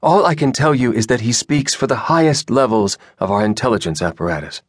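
A male audiobook reader voices a calm, commanding senior admiral, pitching the character above his own low register. The delivery is measured and lightly acted, apologetic yet firm enough to shut down argument. The recording is close and dry, with no room sound or echo.

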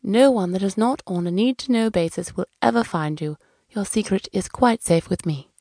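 A woman's voice: mid-range voice, normal speed, mellow, no room sound, studio quality, lightly acted. A woman voicing a nervous, stammering older male house servant, deferential and shaky, in a children's audiobook. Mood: anxious.

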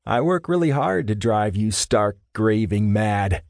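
A man's voice: lowish voice, lively intonation, measured pace, vocal fry, darkish tone, no echo, clean studio sound. A man doing a wisecracking young male agent. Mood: joking. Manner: playful, joking. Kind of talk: audiobook character voice.

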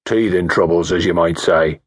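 A man voicing a plain-spoken country garage mechanic with a low, hoarse voice and a rural English accent. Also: fairly even intonation, normal speed. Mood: matter-of-fact.

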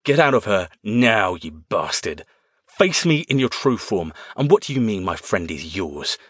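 An actor playing a male mage who was woken by an attack, snapping sharp, angry lines and then growling them. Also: fairly low pitch, sing-song, measured pace, husky, no echo, clean studio sound, heavily acted.

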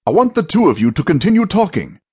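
A man voicing a calm, commanding male wizard who speaks in formal, measured sentences. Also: high voice, husky, voice pushed up, heavily acted. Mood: urgent.

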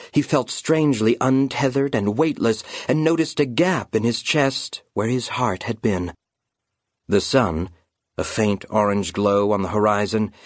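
A man narrating a children's fantasy audiobook with dramatic storytelling and slowdowns. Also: lowish voice, dry recording, studio quality.

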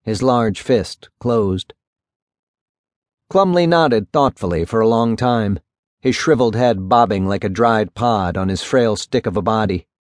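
A man narrating a literary novel in a measured, even storytelling voice. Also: fairly low pitch, no room sound, studio quality. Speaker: audiobook narrator.

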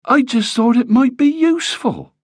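A man's voice: extremely high pitch, normal speed, breathy edge, dry recording, clean studio sound, voice pushed up. A male audiobook narrator voicing a curious, eager young caveboy who keeps pestering his father. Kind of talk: audiobook character voice.

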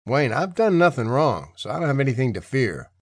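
A man voicing a calm, stubborn male logging contractor who talks dry and steady in an audiobook. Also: mid-range voice, a little fast, husky, no room sound.

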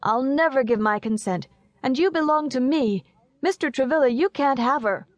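A woman voicing an excitable young boy who protests vehemently in an audiobook story. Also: high voice, normal speed, no room sound, voice pushed up, lightly acted. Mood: defiant. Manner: vehement pleading outbursts.

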